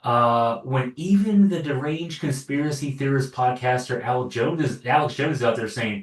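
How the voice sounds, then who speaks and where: A man's voice: mid-range voice, moderate pace, few pauses. A man giving sarcastic, loose political commentary with many fillers and restarts, recorded from a distance in an echoey room. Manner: sarcastic, wry asides. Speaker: online news commentator. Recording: roomy echo, distant from mic.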